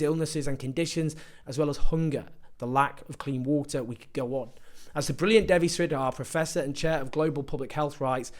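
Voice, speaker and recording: A man from Britain delivering a sarcastic, indignant political opinion monologue to camera, full of rhetorical questions. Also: medium pitch. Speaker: political commentator.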